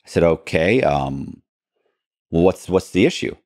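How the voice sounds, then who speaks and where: A man telling a story as an interview guest, acting out quoted dialogue with halting restarts. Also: deep voice, animated, darkish tone, no echo, studio quality.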